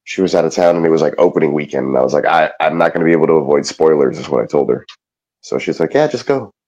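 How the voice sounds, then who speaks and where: Really deep voiced middle-aged guy, laid back, laughing through his stories. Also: animated, quick pace, a little mellow, lo-fi sound. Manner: easygoing, laughs often, tells anecdotes. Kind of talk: casual chat.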